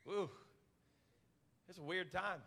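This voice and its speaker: A male pastor, preaching a fervent sermon to his church and swinging between loud shouted calls and quiet, close prayer. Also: sits high, slow, gravelly. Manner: preaching with rising shouted fervor. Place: church sanctuary.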